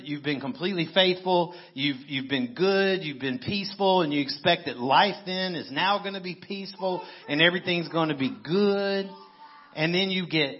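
Male pastor, conversational sermon delivery, husky tone, slightly muffled church recording. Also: fairly high pitch. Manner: conversational, animated storytelling with playful asides. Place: church sanctuary. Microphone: handheld microphone.

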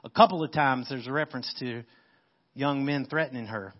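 A man's voice: medium pitch, a little fast, highs cut off. A male pastor preaching a sermon, reading scripture and explaining it in casual, conversational terms. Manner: conversational, paraphrases verses in casual modern speech.

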